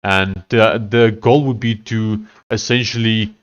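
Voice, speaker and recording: A man's voice: fairly low pitch, steady tone, a little slow, clear, resonant tone, highs cut off. Easygoing man coding and thinking aloud. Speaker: developer streaming his coding session. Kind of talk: casual live-coding chat.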